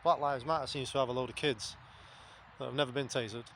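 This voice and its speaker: A man's voice: medium pitch, fairly even intonation, fast talker, fairly bright tone, slight background noise. Blunt, sweary man. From England. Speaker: vlogger. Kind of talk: casual spoken monologue.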